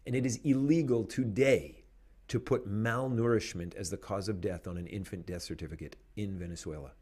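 A man in casual conversation, talking in an animated, opinionated way and laughing often. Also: on the low side, fairly quick.

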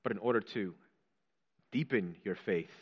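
A man preaching a sermon, building up to fervent rhetorical questions and dropping to hushed quotations. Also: fairly low pitch, moderate pace, breathy edge, muffled recording.

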